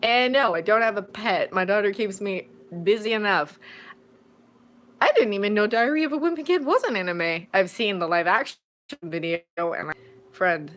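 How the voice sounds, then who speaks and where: A chatty adult woman at home hosts a casual live-stream Q&A about her fanfiction readings. She rambles easily and leaps into sudden excited bursts, in a voice of ordinary middle pitch for a woman. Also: normal speed. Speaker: fanfiction audiobook narrator and streamer.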